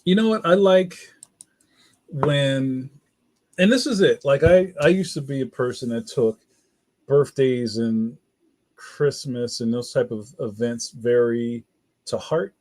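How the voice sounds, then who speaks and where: A middle-aged man chats easily with his livestream viewers, loose and slangy, dropping "yo" and "bro" as he reads their comments aloud. His voice is mellow and dark, sitting at a middle pitch, and it comes across close and plain from a desk mic. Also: takes it slowly. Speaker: livestream host. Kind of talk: casual livestream chat.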